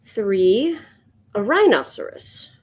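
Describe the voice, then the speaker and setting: Slow, chatty woman on a sketch stream. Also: mid-range voice, sing-song. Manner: slow, chatty, thinking aloud, yawning. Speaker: livestream sketch artist. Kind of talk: casual livestream chat.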